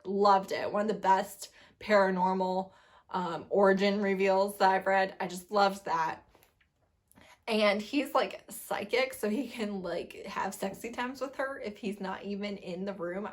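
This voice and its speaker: A woman in her thirties, a book vlogger chatting at home about novels she loves, gushing and animated and laughing often. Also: medium pitch. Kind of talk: casual book tag chat.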